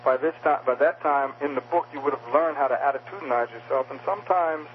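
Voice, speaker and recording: A man's voice: medium pitch, quick pace, dull audio. A male author interviewed about his book, speaking with frequent fillers and restarts. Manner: hesitant, many fillers and restarts. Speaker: author guest.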